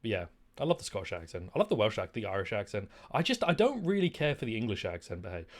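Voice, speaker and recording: Over a game stream, a man with a lowish voice rattles on at a quick pace, cursing freely. It's casual, energetic, meandering gaming talk.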